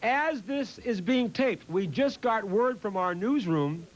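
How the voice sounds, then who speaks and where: A man hosting a combative talk show, mocking letter writers and shouting his opinions. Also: high-pitched, expressive, takes it slowly, poor audio. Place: TV studio with live audience. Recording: loud cheering studio crowd.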